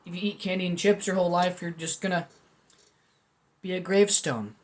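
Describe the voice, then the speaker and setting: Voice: mid-range voice, steady tone, fairly quick. A young adult vlog host rambling through a casual food video with jokey, self-mocking commentary.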